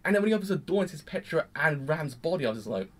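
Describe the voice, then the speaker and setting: Rambling, excitable man reviewing anime. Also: fairly high pitch, rapid-fire. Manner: rambling and excitable, heavy use of "like". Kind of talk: casual episode review.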